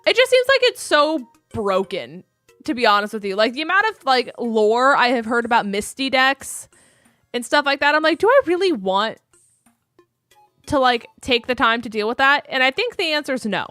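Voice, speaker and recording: A young woman streamer talks casually to her audience, rambling along with plenty of ums and likes. Her voice is bright and a little high. The sound is dry and close, with faint music underneath. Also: very animated, normal speed, no room sound. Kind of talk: casual live-stream chat.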